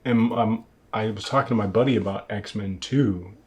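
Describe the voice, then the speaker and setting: A man's voice: fairly low pitch, moderate pace. A man co-hosting a casual film podcast over a video call, laid-back and rambling, with many fillers. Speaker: podcast co-host.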